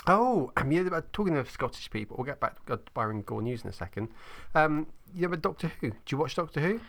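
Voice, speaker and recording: A man co-hosting a casual podcast, chatty and quick to laugh. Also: on the high side, sing-song, a bit bright. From Britain. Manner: chatty, laughing, slips into joke accents. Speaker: podcast co-host. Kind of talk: casual chat.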